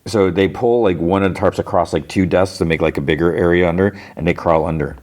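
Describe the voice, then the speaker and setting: A deep-voiced man hosts a podcast and walks through an episode scene by scene. He talks casually, stringing along fillers like "like" and restarting his sentences as he goes. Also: fast, a little mellow. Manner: rambling retelling of scenes, heavy use of "like". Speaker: podcast host.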